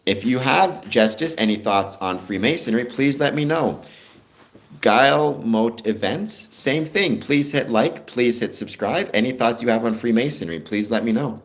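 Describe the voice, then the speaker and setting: A Canadian man with a mid-range voice hosts a casual livestream at a normal pace. He chats and answers viewer comments as they arrive.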